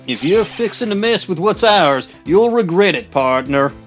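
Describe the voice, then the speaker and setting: Brief: a man doing a cocky cowboy detective, attempted Southern accent, lively swooping drawl. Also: high voice, soft background music, voice pushed up. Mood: drawling swagger. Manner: slow drawl, bragging frontier talk. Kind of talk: reading game dialogue aloud.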